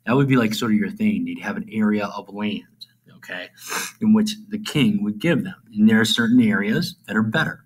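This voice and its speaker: A man with a lowish voice delivers an informal recorded lesson. He checks in constantly with a quick "okay?" and slips into quiet, whispery asides while explaining. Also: rough recording. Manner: trails off into low, whispery asides. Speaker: teacher. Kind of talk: recorded classroom lecture.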